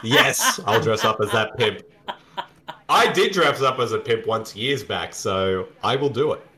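Co-hosting a casual movie commentary, a man with a lowish voice speaks at a measured pace. He's jokey and animated, reacting to what's on screen.

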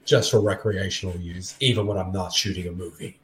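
A man putting on a deadpan impression of a famous male film actor, bragging absurdly with mock seriousness. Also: low voice, fairly quick, voice pushed down, lightly acted. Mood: mock-serious. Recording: roomy echo.

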